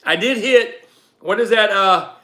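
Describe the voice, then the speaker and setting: A man hosts a relaxed live stream and chats with viewers in a loud, animated way. His voice sits high for a man and has a bright, forceful edge. He keeps the talk easygoing and answers questions as they come in. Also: measured pace. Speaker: livestream host and reseller.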